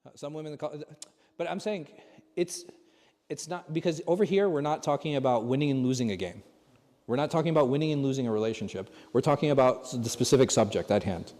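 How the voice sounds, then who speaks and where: A man gives a relaxed religious lesson in a large mosque hall. His tone is mellow and warm. He keeps asking his listeners questions, and the reverb trails on after each phrase. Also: medium pitch, fast talker. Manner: asks the audience rhetorical questions. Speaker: imam teaching a class.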